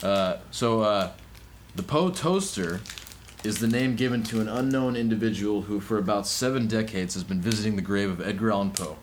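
A man's voice: on the low side, moderate pace, slight background noise. A young man co-hosting a loose, comedic podcast chat, rambling goofily and sometimes breaking into silly songs. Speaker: podcast co-host.

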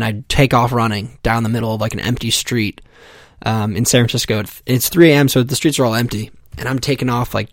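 A man's voice: medium pitch, no room sound, studio quality. A young man telling a comic personal story in a casual, profane, self-mocking way, full of fillers. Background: music.

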